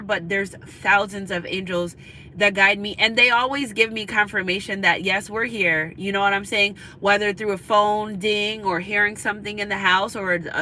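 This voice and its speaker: Chatty woman tarot reader, bright voice. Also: medium pitch, a little hiss or hum, low-quality recording. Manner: chatty, confiding, repeats "you know what I'm saying". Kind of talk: spiritual reading monologue. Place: in a car.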